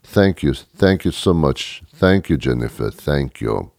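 A phony Frenchman murmurs in a thick fake French accent, as a man puts him on. The voice drops deep and quiet, slow and suave. The sound is close and dry. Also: animated, dry recording, heavily acted. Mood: self-important. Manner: slow, hushed, suave put-on. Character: phony Frenchman at a hotel bar, smooth-talking and lonely.

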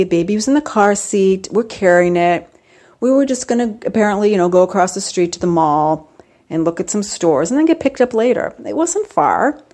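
A middle-aged woman talks to camera in a casual, rambling way, cracking jokes as she goes. Her voice sits a little low, then jumps up sharply whenever she stresses a point. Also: darkish tone. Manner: rambling, jokey, with sudden rises in pitch for emphasis. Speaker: vlogger.

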